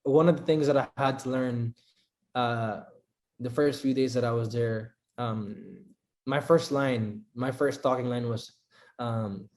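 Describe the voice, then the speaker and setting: A young man from the Philippines with a Filipino accent, answering interview questions in a relaxed, chatty way with lots of fillers. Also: medium pitch, a little slow. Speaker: actor guest at a press conference. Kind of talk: casual interview answers, mixing English and Filipino.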